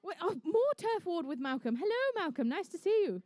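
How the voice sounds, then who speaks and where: Her voice is extremely high with big pitch swings, fairly quick, and darkish in tone, recorded with no room sound. This young emcee narrates a live competition at an indoor conference venue, bantering and joking with the teams.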